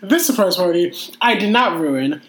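A young man around twenty-one co-hosting a podcast, telling stories in excitable, giggly casual chat. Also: high voice, normal speed. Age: about 21. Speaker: podcast co-host. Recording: roomy echo, faint noise.

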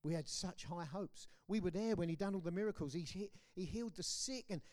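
A man with a British accent preaching a sermon, swinging between loud declarations and hushed, low lines. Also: a little fast. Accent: British English. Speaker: pastor. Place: church hall.

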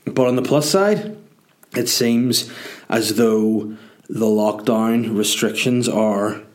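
A man's voice: fairly low pitch, takes it slowly. A Northern Irish man in his thirties hosting a solo podcast from home, rambling and self-mocking with sweary humor. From Northern Ireland. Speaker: podcast host. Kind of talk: solo casual podcast monologue. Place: dining room at home.

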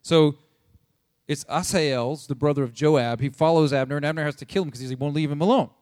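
A young man preaching a casual sermon, retelling the story in slangy, animated speech and jumping into voices for the people he quotes. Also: on the high side, fairly quick, no room sound, clean studio sound.

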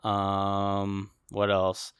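A man's voice: lowish voice, monotone, drawn-out words, fairly bright tone, clean tone, no room sound, clean studio sound. A young man co-hosting a podcast, chatting casually in a rambling, jokey way and laughing often. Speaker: podcast co-host. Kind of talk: casual chat.

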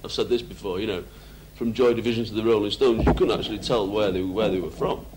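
A man's voice: fairly low pitch, fast, darkish tone, a little hiss or hum. A man in an archival interview, rambling through anecdotes, laughing, with many "you know"s. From England. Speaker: musician interviewee.

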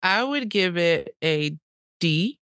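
A woman co-hosting a podcast in casual chat, animated and outspoken, quick to laugh. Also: on the low side, no echo, clean studio sound. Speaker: podcast co-host.

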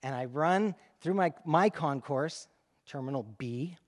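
A male pastor preaching in a relaxed, storytelling way, his voice sitting a little high for a man. He talks to the congregation as if chatting with friends, building the story with energy. The sound carries a long reverb from the church sanctuary. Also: unhurried. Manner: animated, conversational storytelling to a congregation. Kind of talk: sermon storytelling.

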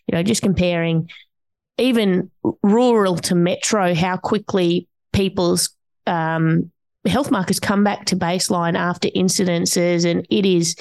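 A woman's voice: lowish voice, gravelly, darkish tone. A woman hosting a podcast interview, curious and engaged, who asks reflective questions. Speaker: podcast host.

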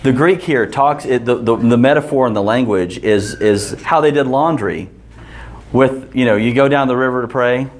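A man's voice: mid-range voice, normal speed. A man leading an interactive Bible study, asking the group questions and restarting his sentences often.

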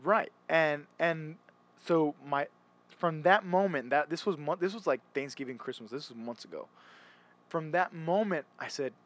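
A young man with a slightly higher voice talks in a loose, rambling way. He restarts his sentences often and slips into quoted voices while he retells a story. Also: moderate pace, a bit bright. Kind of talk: casual chat.

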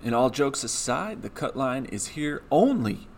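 A male podcast host introducing a golf betting show in an energetic, joking way. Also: mid-range voice, measured pace, slight background noise. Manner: energetic, playful hype.

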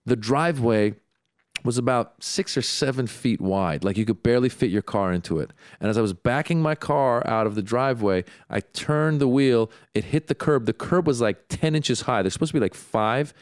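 A man's voice: medium pitch, moderate pace, dry recording, clean studio sound. A man in casual conversation, telling an exasperated story about his neighborhood. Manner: relaxed, exasperated retelling.

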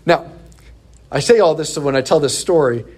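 Male preacher with a slightly husky voice, animated, acts out the dialogue in his stories. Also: fairly high pitch, normal speed. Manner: animated storyteller, acts out quoted lines. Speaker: priest. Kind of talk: sermon with storytelling.

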